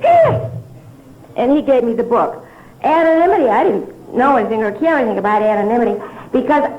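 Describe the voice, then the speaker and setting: A woman's voice: medium pitch, a little mellow. An older woman speaking at a recovery meeting, telling her story candidly with little chuckles and asides. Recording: dull roomy 1970s hall recording.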